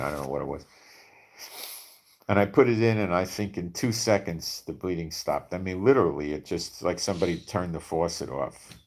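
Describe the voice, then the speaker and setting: A man with a very low voice talks in a loose, rambling monologue. He is blunt and skeptical, piling up rhetorical questions and repeating points for emphasis. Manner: repeats for emphasis with frequent "okay?". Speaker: video commentator. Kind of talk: casual monologue to camera.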